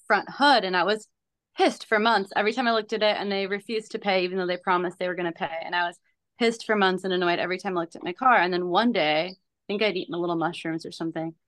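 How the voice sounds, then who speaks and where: A woman's voice: on the low side, fairly even intonation, quick pace, fairly bright tone, dry recording. Earnest woman telling a story, dry sound. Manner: earnest, emphatic storytelling with laughs. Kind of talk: casual chat.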